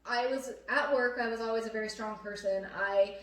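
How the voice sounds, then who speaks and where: A woman's voice: a little high, steady tone, fairly quick, fairly bright tone. A young adult woman hosting a casual chat, talking earnestly with many fillers. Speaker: host. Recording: echoey room, mic at a distance.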